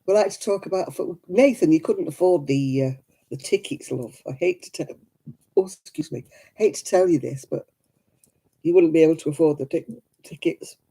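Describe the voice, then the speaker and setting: A woman's voice: low voice, moderate pace, dark tone, breathy edge. A middle-aged woman with a Lancashire accent and a cough, chatting casually on her crafting live stream, laughing and greeting viewers by name. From Lancashire, England. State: coughing, rough throat. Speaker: crafting livestream host.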